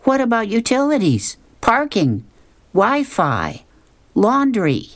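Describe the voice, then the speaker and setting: A pointed, skeptical young woman from the funny pages, read aloud by a woman. She asks question after question at a slow pace. The sound is close and dry. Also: on the high side, huge pitch swings, no room sound, voice pushed up, full character voice.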